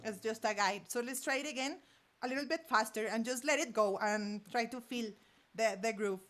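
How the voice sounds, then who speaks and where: A woman's voice: on the high side, normal speed. Woman teaching drum rhythms. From Colombia. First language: Spanish. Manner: counts rhythms aloud with vocal syllables while drumming. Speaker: percussion teacher. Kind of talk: music master class. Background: hand drums and percussion.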